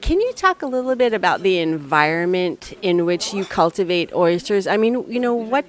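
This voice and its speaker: A woman's voice: fairly low pitch, sing-song, normal speed. An American woman hosting a food podcast, asking chatty, rambling interview questions with enthusiasm. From United States. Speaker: podcast host.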